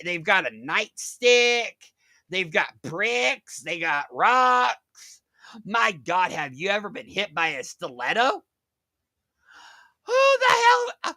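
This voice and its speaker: A man's voice: sits high, bright, forceful tone, dry recording. A man ranting on his vlog in a sarcastic, mocking way, often laughing at a critic. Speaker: vlogger. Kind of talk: mocking rant.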